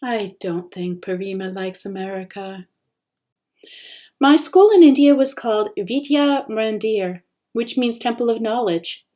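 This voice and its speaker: A woman teacher reads a chapter aloud with lively, expressive storytelling. Her pitch swings widely across phrases. Her tone is mellow and warm rather than bright. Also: measured pace. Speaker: teacher sharing books. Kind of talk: reading a book chapter aloud.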